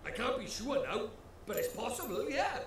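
A man's voice: very high voice, sing-song, normal speed, a bit bright, heavy reverb, a little hiss or hum, exaggerated voice. An actor playing a cheeky, boastful male fairy lord, chatty and folksy in a video game. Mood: explaining. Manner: cheerful, folksy, calls people lad. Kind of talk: game voice acting.

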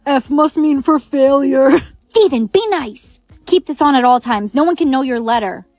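A text-to-speech woman's voice reading a storytime script, voicing every role with even synthetic delivery. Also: sits high, normal speed, no echo, faint music behind.

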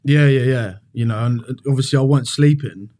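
A man's voice: medium pitch, a little fast, dark tone. A young man, a podcast guest telling his story candidly, with plenty of swearing. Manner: frank, sweary, confessional.

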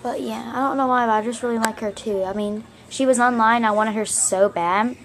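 A woman's voice: fairly high pitch, fairly even intonation, a little fast. A girl showing her toy collection in a casual vlog from her bedroom, chatty and gushing, rambling with fillers. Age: child. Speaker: vlogger showing her plush toys. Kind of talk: casual show-and-tell vlog.

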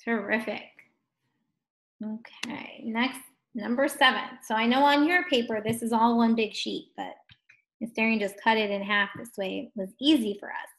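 Woman, first grade teacher; higher voice, unhurried, praising and patient. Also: gravelly. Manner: slow, encouraging, drawn-out words for children. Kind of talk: phonics lesson for young children.

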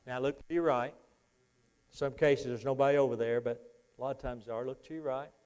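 A man preaching a revival sermon with emphatic exhortations, folksy humor and quieter storytelling. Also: mid-range voice, steady tone, fairly quick, clean tone. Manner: folksy, self-deprecating humor. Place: church sanctuary.

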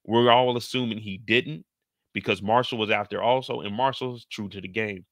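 A man casually recapping a TV drama episode in a boastful, animated, slangy way. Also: lowish voice, moderate pace, dry recording, studio quality. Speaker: YouTube show recapper.

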